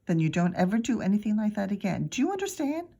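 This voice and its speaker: A woman's voice: medium pitch, big pitch swings, quick pace, dark tone, breathy edge. A woman voicing an exasperated mother scolding her young son. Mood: stern. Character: exasperated mother, stern but amused.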